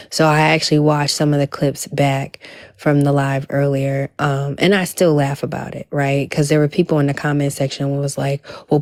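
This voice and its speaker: A woman's voice: low-pitched, a little mellow, no room sound, clean studio sound. A woman hosting a casual livestream, chatting to viewers in a Black with asides and the odd whisper. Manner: chatty, drops into whispers at times. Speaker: livestream host.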